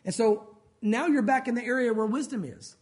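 A man with a high-pitched voice delivers a sermon. He tells the story in an animated, conversational way, with casual asides to the listeners. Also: normal speed. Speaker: preacher. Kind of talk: expository sermon.

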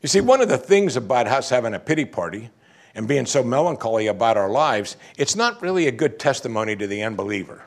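Animated middle-aged male preacher. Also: mid-range voice, fast. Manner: animated preaching, swinging between emphatic and hushed. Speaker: pastor. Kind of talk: sermon.

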